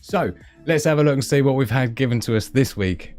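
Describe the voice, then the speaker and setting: A man's voice: mid-range voice, brisk, over music. A man hosting a casual livestream, chatting in a rambling way and reading out viewer comments. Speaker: livestream host.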